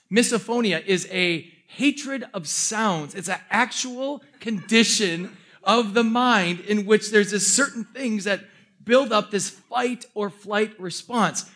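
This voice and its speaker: A young male pastor delivers a sermon with a fairly high voice. He tells funny, self-mocking stories and stays animated and expressive throughout.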